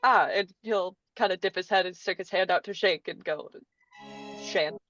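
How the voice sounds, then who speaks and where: A woman player in a tabletop game, describing her character in a halting, giggly way with many fillers. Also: medium pitch, fairly bright tone, muffled recording, faint music behind. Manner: hesitant, giggly, lots of fillers.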